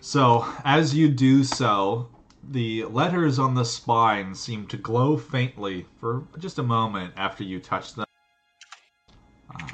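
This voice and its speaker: A man's voice: mid-range voice, takes it slowly, a bit bright, faint music behind. A man narrating as game master of a tabletop game over a video call, describing scenes loosely with plenty of "like" and "um". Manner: loose and rambling, full of fillers.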